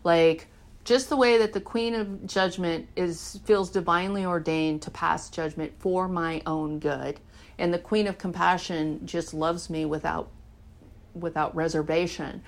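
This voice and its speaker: A middle-aged woman with a somewhat low voice talks openly about her recovery. She is candid and animated and swears freely. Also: measured pace. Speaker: recovery speaker. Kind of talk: personal recovery talk.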